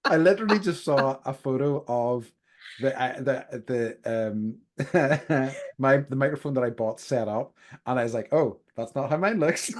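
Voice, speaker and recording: A man's voice: mid-range voice, unhurried. A man co-hosting a podcast in casual chat, rambling along with fillers and restarts. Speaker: podcast co-host. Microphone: desk microphone.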